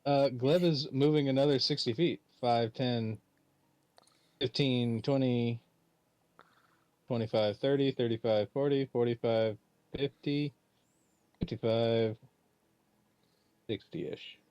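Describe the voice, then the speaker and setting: A man's voice: medium pitch, fairly even intonation, slow, long pauses, darkish tone, no echo. A man playing a tabletop game over a call, joking around, asking rules questions and counting out his moves. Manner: playful, asks rules questions, counts movement aloud. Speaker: player.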